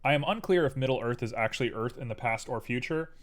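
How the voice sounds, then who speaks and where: A man's voice: mid-range voice, quick pace. A young man talks through a live stream as he builds a model. His speech is loose and chatty and jumps between tangents. Keyboard clicks and typing tick along behind him. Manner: rambling, tangential, animated. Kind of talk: casual live-stream chat while 3D modeling.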